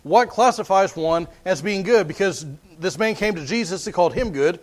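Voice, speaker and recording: Male preacher with a high voice, earnest sermon delivery, repeats words as he builds each point. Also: normal speed.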